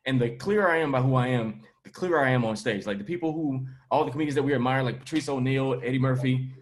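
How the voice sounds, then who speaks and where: A man's voice: mid-range voice, quick pace. A man who is a comedian and podcast host, making his point in casual conversation with emphatic, slangy delivery.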